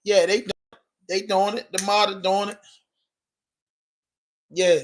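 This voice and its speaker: A man's voice: sits high, flat delivery, takes it slowly. A man with a Baltimore accent hosting a casual livestream podcast, talking loosely in slang while answering viewer comments. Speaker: podcast host.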